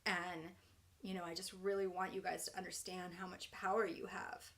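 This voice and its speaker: A woman's voice: lowish voice, little pitch movement, moderate pace, a bit bright. A young adult woman, a life coach, talking earnestly and encouragingly straight to her viewers, with lots of "you know" and "like". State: emotional. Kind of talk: heartfelt direct-to-camera talk.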